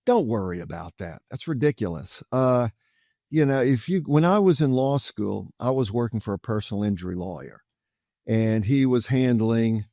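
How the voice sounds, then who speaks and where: Older man, mellow reassuring storyteller. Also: mid-range voice, no room sound, studio quality. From Louisiana, USA. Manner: reassuring, story-driven, folksy. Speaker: guest attorney. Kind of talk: anecdotal interview answers.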